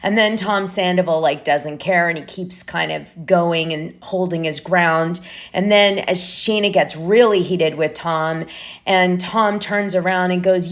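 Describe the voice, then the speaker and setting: Woman with a deep speaking voice, chatty gossip-channel host rambling through a reality-show recap. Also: unhurried.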